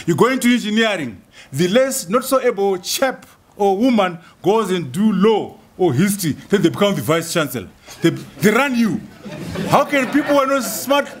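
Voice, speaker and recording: A man's voice: high-pitched, big pitch swings, normal speed. A man from Zimbabwe giving a rousing university lecture, full of rhetorical questions and repeated slogans. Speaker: guest speaker.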